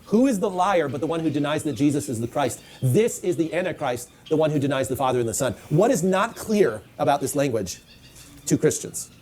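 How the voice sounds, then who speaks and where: A man's voice: fairly high pitch, lively intonation, brisk, darkish tone, a little hiss or hum. A man preaching a sermon, reading scripture aloud, repeating key lines and asking pointed rhetorical questions.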